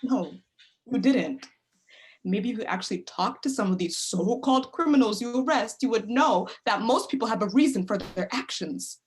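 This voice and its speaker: A woman's voice: on the high side, animated, moderate pace, lightly acted. A woman playing a defiant young woman grieving her mother, blunt and guarded, read over a video call. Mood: furious. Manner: guarded, blunt, sharp-tongued. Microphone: video call mic.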